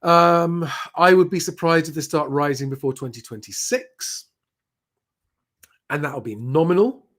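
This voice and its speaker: A man hosting a live stream, answering viewer questions in a relaxed, conversational way with frequent "um" fillers. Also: on the high side, measured pace.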